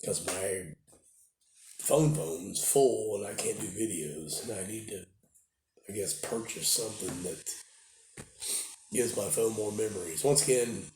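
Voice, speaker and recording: At home indoors, a stuffed-up toy-collecting vlogger with a cold chats casually to his phone camera, circling back to repeat himself and trailing off. His voice sits on the low side, a little slow with frequent pauses, in an echoey room with faint noise.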